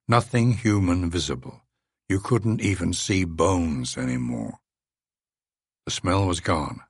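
A man giving a measured, dry first-person audiobook narration into a close studio mic. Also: low voice, lively intonation, slightly rough, no room sound.

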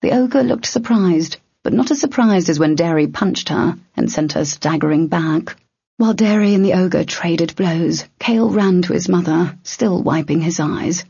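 Husky low-voiced woman narrator. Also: normal speed, dark tone, no room sound. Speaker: audiobook narrator. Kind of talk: scripted narration. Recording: dull lo-fi audio.

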